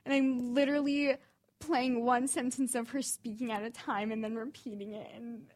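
A woman co-hosting a podcast in a fairly high voice. She rambles through stories in easy, casual chat and slips in dry, sarcastic jokes. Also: flat delivery, normal speed, darkish tone. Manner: chatty, dry sarcastic humor. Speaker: podcast co-host.

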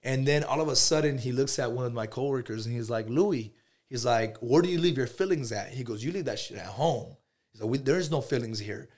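Fast-talking man telling a story. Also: medium pitch. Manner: animated and slangy, calls listeners bro. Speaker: podcast guest, entrepreneur. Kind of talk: casual storytelling in a podcast interview.

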